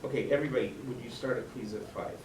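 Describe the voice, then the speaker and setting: A man's voice: medium pitch, fairly even intonation, racing, far from the mic, noisy background. A man conducting a school band rehearsal, giving instructions between passages and often checking that the players understand. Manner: coaching, often asks if it makes sense. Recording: roomy, off-mic, band playing.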